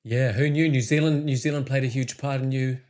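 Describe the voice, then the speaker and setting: A man's voice: mid-range voice, fairly even intonation, brisk, darkish tone. A man hosting a podcast interview, mostly chiming in with short encouraging remarks. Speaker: podcast host. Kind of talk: casual interview chat.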